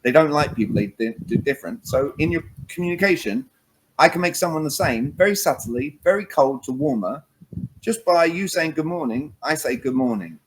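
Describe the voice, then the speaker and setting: A man's voice: fairly high pitch, fairly quick, a little hiss or hum, rough recording. A man, a communication coach, talking animatedly in an interview and acting out phone calls. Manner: lively, acts out phone calls, emphatic. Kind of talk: animated interview talk with acted examples.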